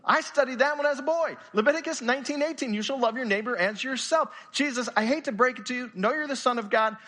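Man doing a smug disciple, brash, lecturing, high voice, hurried. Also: sharp tone, full character voice. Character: know-it-all male disciple, self-assured, correcting.

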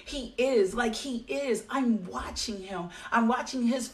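A woman leads a devotional talk that flows into prayer, fervent and encouraging, repeating phrases for emphasis. Her voice sits a touch high. She sounds a little distant from the microphone. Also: a little slow. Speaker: devotional leader.

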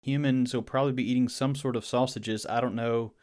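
A man's voice: medium pitch, fairly even intonation, fairly quick, darkish tone. A man from Virginia with a Southern accent, a guest in a casual podcast conversation who talks thoughtfully and often restarts his phrases. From Virginia, USA.

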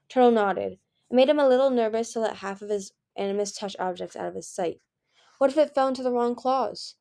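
A woman's voice: creaky, warm tone. A woman reading a novel chapter aloud, lifting her voice for the characters' lines. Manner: reads briskly, raising pitch and volume for dialogue. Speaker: fan reader of a novel.

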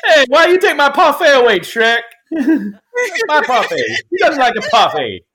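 A man voicing a fast-talking, wisecracking male cartoon donkey in a high, excited yell. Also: heavily acted. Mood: indignant. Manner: high squeaky excited yelling.

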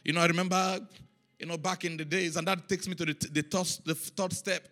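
A man preaching a sermon, telling a story with lively repetition and chanted syllables. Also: sits high, a little fast. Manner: animated storytelling, repeats phrases, chants syllables.

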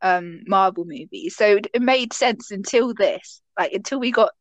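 A woman's voice: medium pitch, lively intonation, normal speed, dry recording. A young woman co-hosting a casual podcast, easygoing and often laughing. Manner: giggly, easygoing. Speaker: podcast co-host. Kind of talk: casual chat.

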